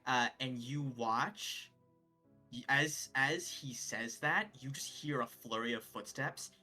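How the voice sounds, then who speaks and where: A man's voice: mid-range voice, slow pace, pushed and bright, faint music behind. A man narrating as game master of a tabletop game, with many fillers and restarts. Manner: hesitant, filler-heavy narration.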